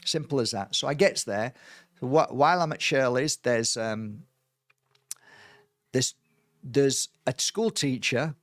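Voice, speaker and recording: A man's voice: medium pitch, slow, pauses often, no echo, clean studio sound. Man telling a spooky story. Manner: animated, acts out quoted voices, many fillers and restarts. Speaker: spiritual healer. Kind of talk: personal storytelling.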